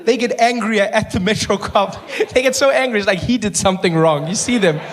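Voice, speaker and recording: A man with a South African accent doing stand-up comedy, animated, acting out characters and shouting some lines. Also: high-pitched, brisk.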